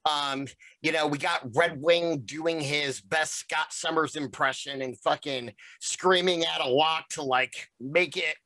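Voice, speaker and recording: A man's voice: fairly high pitch, steady tone, a little slow, bright, forceful tone. A young man hosting a casual podcast, recapping a comic book issue in a rambling, profane, joking way. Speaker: podcast host.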